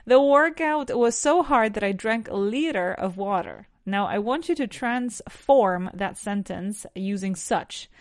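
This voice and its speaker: A woman's voice: mid-range voice, lively intonation, unhurried, hardly any pauses, dry recording, clean studio sound. A woman with a Spanish accent teaching English on a podcast, asking numbered questions and answering them in full sentences.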